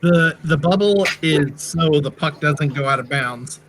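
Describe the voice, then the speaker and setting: A middle-aged man co-hosts a livestream, spinning rambling stories in a relaxed, chatty way. His voice is slightly high and his pace unhurried, though the audio is very noisy.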